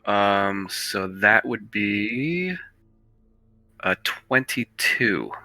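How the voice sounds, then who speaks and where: Very bright-voiced man playing a tabletop game. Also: lively intonation, very slow, no room sound, faint music behind. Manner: hesitant, rambling in-character pitch. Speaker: player. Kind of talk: casual tabletop play.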